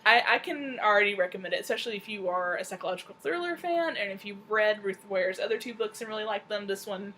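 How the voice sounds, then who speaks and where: Woman co-host, casual book chat, middle pitch, faint background noise. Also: fast, few pauses, pushed and bright. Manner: chatty, reads a synopsis aloud with stumbles. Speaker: podcast co-host.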